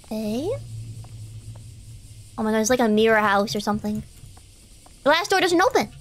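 A woman streamer talks her way through a night-drive game, chatty and easily startled. Her voice sits fairly high and swings widely in pitch. She keeps up a steady running commentary into a desk mic. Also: moderate pace. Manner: chatty, excitable, talks to herself while playing. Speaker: streamer playing a driving horror game.

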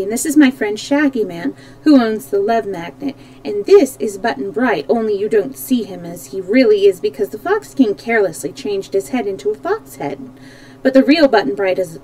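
Woman doing a young girl, gentle, kind, plain-spoken, girlish, mellow, storybook. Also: mid-range voice, no echo, close to an everyday voice. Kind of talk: storybook read-aloud.

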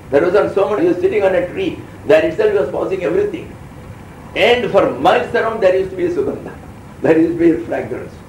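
A man's voice: a little high, a little mellow, slight background noise. A man in his seventies with an Indian accent, giving a meandering, anecdotal scriptural discourse as a spiritual teacher. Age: 70s. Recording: roomy sound from a distant mic.

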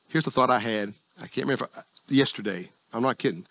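Southern pastor guy, middle-aged, folksy sermon, jokes on himself, voice jumps up high now and then, dry close mic. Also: quick pace, fairly bright tone, dry recording. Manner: folksy, self-deprecating, conversational with sudden pitch jumps.

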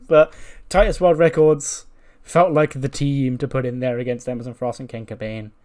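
A man's voice: mid-range voice, steady tone, moderate pace, darkish tone. A man casually commenting on a wrestling management game, chatty and joking. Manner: chatty, laughs at his own jokes.

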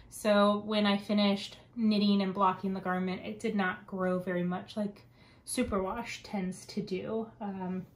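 Chatty woman hosting a craft podcast. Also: medium pitch. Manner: chatty, laughs often, wanders onto tangents. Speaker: podcast host. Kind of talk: casual chat.

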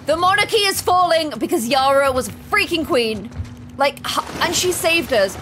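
A young woman streaming a game live, excitable, panicking and rambling with her chat. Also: high voice, normal speed, slight background noise. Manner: excitable, shifts into loud panic and chatty rambling. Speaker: gaming streamer. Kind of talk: live let's play commentary.

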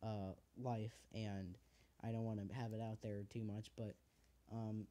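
Teenage guy, podcast host, rambling casual chat, heartfelt, lots of fillers, mellow dark voice. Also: fairly low pitch, level tone, unhurried. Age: teens. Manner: rambling, heartfelt, swears freely with many fillers.

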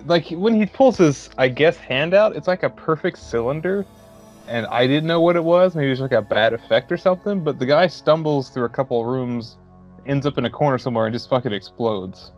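A man's voice: mid-range voice, lively intonation, fairly quick, highs cut off, soft background music. A man co-hosting a casual movie podcast, wry and sarcastic in his quips. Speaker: podcast co-host. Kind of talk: casual movie chat over beer.

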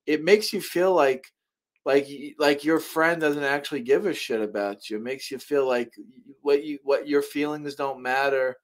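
A middle-aged man talks over a webcam mic on a live stream, his voice pitched a little high for a man. He rambles and restarts his sentences again and again, and he swears freely as he gets heated. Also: normal speed. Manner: rambling with many restarts, swears when angry. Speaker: show host. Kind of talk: heated casual chat.

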